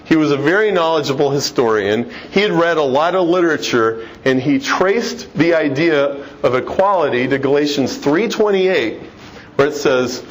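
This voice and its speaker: A middle-aged man with a slightly high voice gives a relaxed lecture-style talk. He speaks conversationally, often restarting phrases and asking rhetorical questions. Faint noise sits under the recording. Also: moderate pace, rough recording. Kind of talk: informal talk on religion and history.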